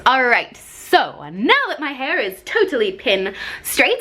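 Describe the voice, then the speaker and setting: A woman's voice: a little high, very animated, normal speed, sharp tone. Bubbly young woman vlogger. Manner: bubbly, chatty, full of side notes and self-mocking jokes. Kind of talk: casual hair tutorial vlog. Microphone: camera on a tripod.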